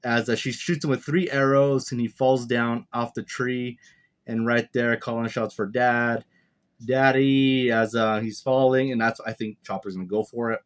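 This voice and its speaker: A man's voice: medium pitch, steady tone, moderate pace. A man casually reviewing a comic chapter, rambling and speculating aloud with many fillers and restarts. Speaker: manga reviewer. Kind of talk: casual commentary.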